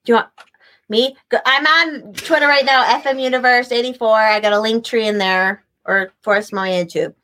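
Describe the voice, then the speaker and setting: A woman's voice: fairly high pitch, fairly even intonation, moderate pace, sharp tone. A woman guesting on a podcast, talking bluntly and crudely in casual banter.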